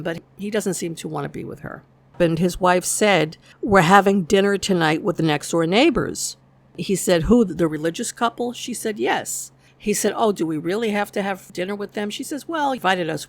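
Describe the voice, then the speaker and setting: A woman's voice: low-pitched, vocal fry. A woman recapping a TV episode in a casual, chatty way, retelling scenes and quoting the characters' lines. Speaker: YouTube show reviewer.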